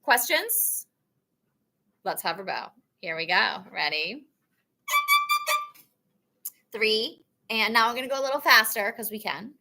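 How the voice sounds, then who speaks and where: An encouraging woman teaches a music lesson in a classroom, chanting rhythm counts at an unhurried pace. Instruments sound clearly around her voice as the class plays along. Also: on the high side, lively intonation, pushed and bright.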